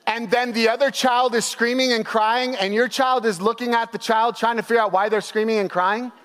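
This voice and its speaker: A young male pastor preaching to his church in a fairly high voice, with long reverb ringing through the hall. He tells stories animatedly and acts out the quotes. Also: brisk, smooth. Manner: animated storytelling with laughs and acted-out quotes. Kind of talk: sermon.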